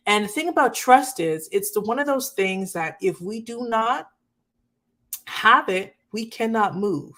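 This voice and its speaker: A woman's voice: mid-range voice, fairly bright tone. A woman giving a live coaching talk on relationships, earnestly speaking to her viewers and often checking in with "okay?". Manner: addresses viewers directly, asks for comments. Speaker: marriage coach.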